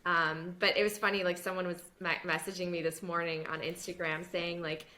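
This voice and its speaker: A woman and former news reporter, now a podcast host, talking casually in an interview, animated and laughing often. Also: fairly low pitch, brisk. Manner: animated, laughs often, mimics others in quotes.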